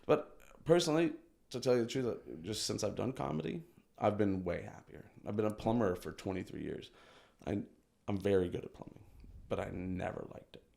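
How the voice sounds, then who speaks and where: A man's voice: lowish voice, a little fast, creaky, mellow. A man in his forties, a comedian guest in a casual podcast chat, rambling and laughing often. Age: 40s. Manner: rambling, laughs often, acts out quoted voices.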